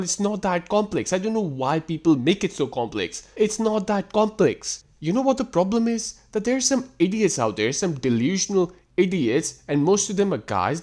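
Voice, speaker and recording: A man's voice: fairly high pitch, darkish tone. A man hosting a reaction commentary, ranting in an exasperated, sarcastic and profane way. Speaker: host reacting to text screenshots.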